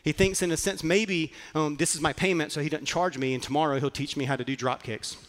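A man's voice: a little high, steady tone, a little fast, fairly bright tone, big-room sound. A man preaching a sermon, telling a story earnestly and with frequent fillers. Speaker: pastor.

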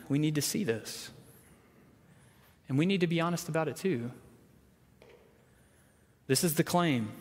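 A man preaching a conversational sermon, often acting out the lines he quotes. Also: a little high. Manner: conversational, acts out quoted voices. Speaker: pastor. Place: church sanctuary. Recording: long church reverb.

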